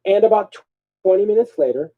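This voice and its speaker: A man co-hosting a live show, telling a story in a casual, animated way. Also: high-pitched, quick pace, phone-quality sound. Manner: animated, swings between mutters and loud bursts. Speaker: co-host.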